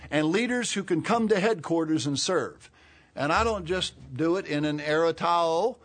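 Guy preaching a sermon, kinda high voice, explains stuff then gets urgent. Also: expressive, moderate pace. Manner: expository, spells out Greek words, rises to urgent emphasis.

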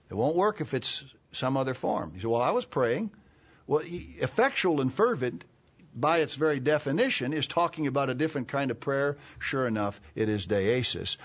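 A man's voice: medium pitch, big pitch swings, normal speed. A man preaching a Bible-teaching sermon, who reads verses aloud with rising force and explains words plainly between them.

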